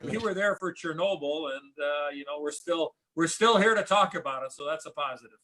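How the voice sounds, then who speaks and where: A man's voice: on the high side, brisk, sharp tone. A middle-aged American man, a former hockey player, telling stories as a podcast guest, rambling with many fillers and restarts. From United States. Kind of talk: casual storytelling interview.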